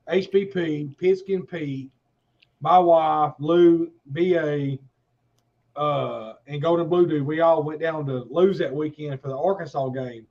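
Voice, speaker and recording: A high-voiced man tells a long, rambling story on a livestream, cursing freely and acting out everyone's lines. His voice comes through muffled and lo-fi, like a dull stream feed. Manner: animated, swears constantly, acts out quotes. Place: livestream call.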